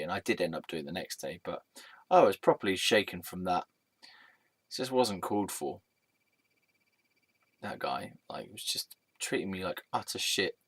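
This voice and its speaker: A man's voice: low voice, lively intonation, a little slow, pauses often, a bit bright. A man telling a personal story in a rambling, sweary way, full of filler words.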